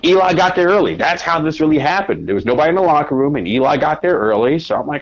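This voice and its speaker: A man, a podcast guest, telling a casual anecdote with lively quoted asides. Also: fairly high pitch, fast talker, hardly any pauses. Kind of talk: casual storytelling. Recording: dull lo-fi audio.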